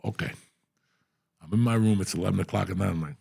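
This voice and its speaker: Middle-aged male storyteller with a rough, raspy voice; profane and animated. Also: low voice, fast. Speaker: podcast host. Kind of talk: casual storytelling.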